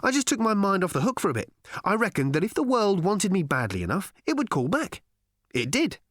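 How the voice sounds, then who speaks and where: A man's voice: high voice, huge pitch swings, a bit bright, no room sound, studio quality, pitched above the performer's own voice, exaggerated voice. A man voicing a breezy, eccentric alien wanderer, raising his voice and talking airily and cheerfully, in an audiobook reading. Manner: airy, cheerfully infuriating, quick. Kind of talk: audiobook character voice.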